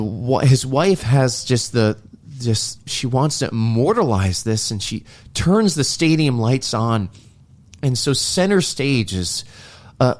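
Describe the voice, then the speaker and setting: A man's voice: medium pitch, a little mellow. A man co-hosting a podcast, earnestly and reflectively retelling a movie scene in casual talk. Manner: earnest, reflective storyteller acting out quoted lines. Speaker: podcast co-host.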